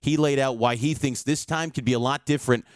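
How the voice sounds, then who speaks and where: Smooth-voiced male sports reporter. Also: medium pitch, fairly even intonation, fairly quick, no room sound, studio quality. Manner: stat-heavy, confident analysis. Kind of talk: game preview commentary.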